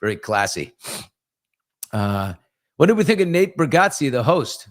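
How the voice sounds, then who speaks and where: A man's voice: medium pitch, sing-song, a little slow. A man hosting a casual morning chat show, gossiping about celebrities in a chatty, loose way. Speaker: host.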